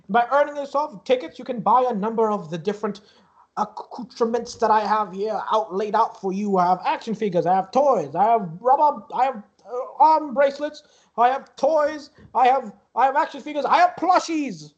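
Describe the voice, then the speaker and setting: A man voicing an eager male carnival ticket booth boss who makes a chirpy sales pitch, on a dull lo-fi recording. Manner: chirpy salesman pitch, fussy about language.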